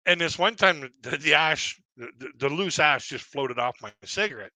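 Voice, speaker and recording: A man's voice: a little high, lively intonation, normal speed, bright, forceful tone. A middle-aged man telling rambling, self-deprecating comic stories, chuckling often. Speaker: stand-up comedian.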